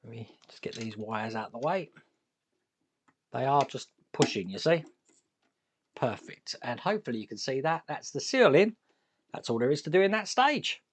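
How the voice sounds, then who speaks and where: A man's voice: medium pitch, sing-song, normal speed, pauses often, a little hiss or hum. A man giving chatty, upbeat step-by-step commentary while building a large scale model at his workbench.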